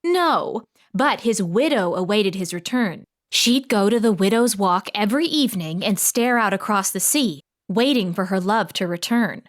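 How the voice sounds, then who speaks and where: A woman's voice: mid-range voice, animated, normal speed, hardly any pauses, natural voice. A woman voicing a theatrical, gossipy small-town woman in an audiobook, coy and fond of drama. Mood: gossipy, dramatic. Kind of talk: audiobook character voice.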